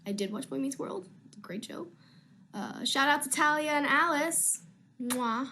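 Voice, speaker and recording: A woman's voice: high-pitched, expressive, moderate pace, bright, forceful tone, slight background noise. A young woman actress chatting casually on a live video stream from home, answering fan questions in a rambling, easily sidetracked way.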